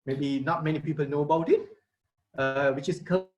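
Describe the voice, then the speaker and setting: A man's voice: a little high, moderate pace, low-quality recording. Sri man explaining gardening. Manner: explanatory, addressing children and parents. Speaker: gardening expert. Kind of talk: online presentation.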